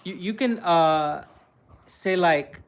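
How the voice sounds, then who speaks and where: A man's voice: high-pitched, slow pace. A man hosting a casual livestream, teasing his partner and rambling with many fillers. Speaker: vlogger host. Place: living in Russia.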